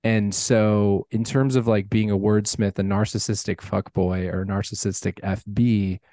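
A man's voice: fairly low pitch, normal speed, no echo. Dry-sounding male podcast co-host. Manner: chatty, lots of "like", excitable bursts. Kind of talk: casual chat.

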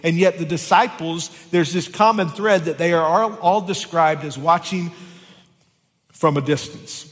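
A man's voice: fairly high pitch, a little slow, a bit bright. A pastor preaching a sermon and reading scripture aloud, with emphatic rises in his voice. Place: church sanctuary. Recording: long reverb of a church hall.

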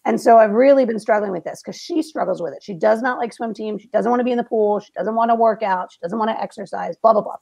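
A middle-aged woman hosting a podcast, telling stories in a lively way and laughing often. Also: mid-range voice, quick pace, gravelly, few pauses, no room sound. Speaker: podcast host. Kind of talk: casual chat.

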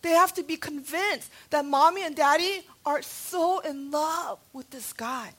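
A woman's voice: high-pitched, a little slow, a bit bright. A woman in her thirties preaching a sermon, telling stories with animation and quizzing her congregation. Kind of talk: sermon to a church family.

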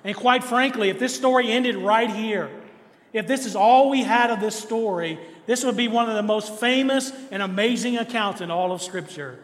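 Pastor, male, high voice, emphatic preacher, reverberant church hall. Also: normal speed. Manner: emphatic preaching with repeated refrains. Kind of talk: sermon. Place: church sanctuary.

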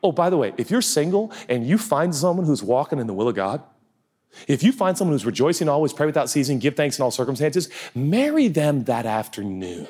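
Brief: male pastor preaching, lively swooping delivery, high voice. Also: fairly quick, husky. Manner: animated, joking, rhetorical questions. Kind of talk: sermon.

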